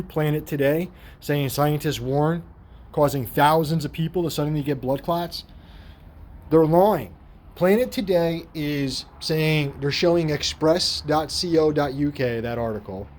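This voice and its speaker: A fairly high-voiced man rants through online articles, his voice full of swearing and disbelief. He jumps between reading headlines aloud and tearing into them in rough, casual commentary. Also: darkish tone. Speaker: commentary vlogger. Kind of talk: ranting screen-share commentary.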